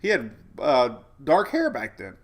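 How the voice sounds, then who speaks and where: Man, weather stream host, gravelly, chatty and rambling, talks over maps. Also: mid-range voice, wildly swooping pitch, a little slow. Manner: rambling, chatty, drifts off topic. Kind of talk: casual tropical weather briefing.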